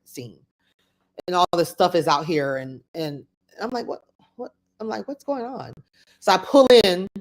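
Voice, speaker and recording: A middle-aged woman hosting a podcast, telling a personal story in a halting way, with many restarts and fillers, acting out what others said in quoted asides. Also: deep voice. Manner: acts out other people's words in quoted asides. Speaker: podcast host.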